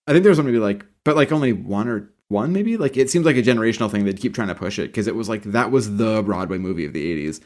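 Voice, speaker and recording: Man, low-ish voice, quick pace, rambling co-host, casual podcast chat. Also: expressive, a little mellow. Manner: rambling, many filler likes.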